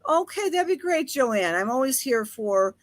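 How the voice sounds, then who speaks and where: A woman's voice: high-pitched, sing-song, moderate pace, no echo. A woman with a Buffalo accent, hosting a live-streamed astrology talk in a chatty, affectionate way and greeting viewers by name. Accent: Buffalo, Western New York. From Buffalo, New York. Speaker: astrologer host.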